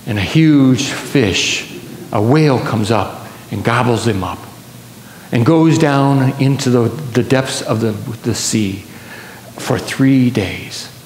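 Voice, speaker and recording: A man's voice: mid-range voice, slow pace, a little mellow, slight background noise. A male pastor telling a Bible story in a sermon, with many restarts and repeated words. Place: large church sanctuary. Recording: echoey church hall.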